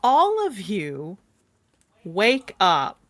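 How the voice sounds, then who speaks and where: A woman narrating a tabletop game as game master, telling the scene in an animated storytelling way. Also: mid-range voice, very slow, no room sound. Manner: animated storyteller, hums while cueing music. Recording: faint background music.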